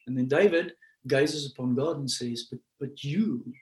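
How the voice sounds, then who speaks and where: A man, a pastor, teaching through a Bible passage over a shared screen, dwelling on word meanings one phrase at a time and rising into loud, high emphasis when he preaches. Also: unhurried, echoey room.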